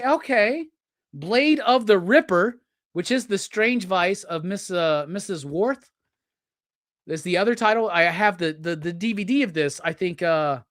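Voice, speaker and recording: Excitable, profane male stream host. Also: high-pitched, no echo, clean studio sound. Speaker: live show host. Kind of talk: excited live-stream gift unboxing chat.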